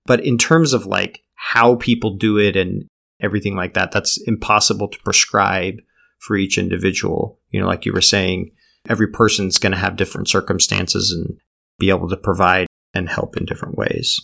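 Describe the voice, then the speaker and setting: A man with a low voice speaks as a guest in a casual talk, thinking out loud in a reflective way. His voice has a gravelly, creaky edge, and he leans on "you know" and "like" as he explains. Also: steady tone, moderate pace. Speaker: podcast guest. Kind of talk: casual conversational discussion.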